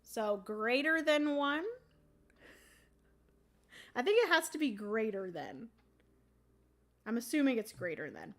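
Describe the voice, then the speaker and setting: A woman's voice: on the high side, big pitch swings, slow pace, long pauses, a bit bright. Woman with a throaty morning voice. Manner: chatty, many ums, thinks aloud. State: morning voice, keeps clearing her throat. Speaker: board game livestream host. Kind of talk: casual rules explanation while playing.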